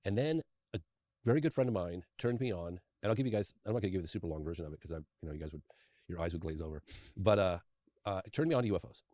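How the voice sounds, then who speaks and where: A man's voice: deep voice, animated, very fast, dark tone, no echo. A man in his fifties, a documentary filmmaker, telling a long personal story as an interview guest in a rambling, eager way, often restarting his sentences. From England.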